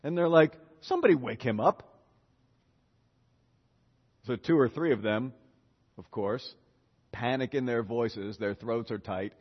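Guy preaching slow, big swings in his voice, kinda muffled churchy echo. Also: mid-range voice. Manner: animated storytelling, voicing biblical characters in casual speech. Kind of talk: lively sermon with acted-out dialogue.

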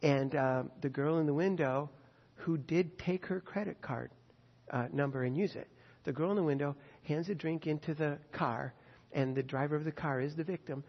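A man preaching a sermon, earnest and emphatic, slowing down on key phrases. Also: a little high. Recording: dull sound with long hall reverb.

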